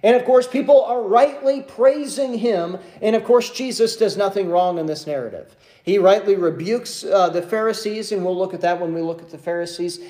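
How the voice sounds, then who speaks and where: A male pastor preaching a sermon, reading scripture and then retelling it in a lively way with many restarts. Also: high voice, normal speed.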